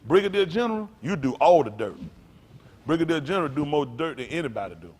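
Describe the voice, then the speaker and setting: A male pastor preaches a sermon in a folksy, animated style, calling out to his congregation. He leaps into loud, high bursts for emphasis, then drops to low, quiet lines. He talks fast, and his voice is husky.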